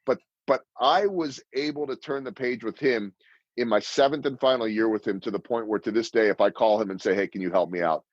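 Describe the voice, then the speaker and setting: A man's voice: mid-range voice, fairly quick, no room sound, muffled recording. Dry-sounding fifties man telling stories. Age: 50s. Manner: animated storyteller acting out quoted lines. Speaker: guest, sports broadcaster and speaker. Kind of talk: storytelling interview answers.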